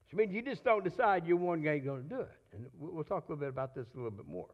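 A man's voice: a little high, expressive, racing, muffled recording. A man preaching a sermon in a conversational way, often repeating and restarting his words. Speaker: pastor.

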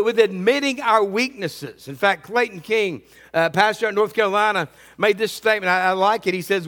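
A man's voice: high voice, a bit bright. Middle aged pastor guy preaching, earnest, keeps repeating words, big echoey hall. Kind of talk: sermon.

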